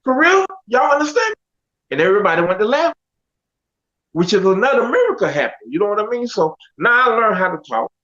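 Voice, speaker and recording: High-voiced man telling a lively story. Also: quick pace. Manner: acts out the other voices in his story, casual slang. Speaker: guest telling his life story. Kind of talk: animated storytelling. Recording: dull lo-fi sound.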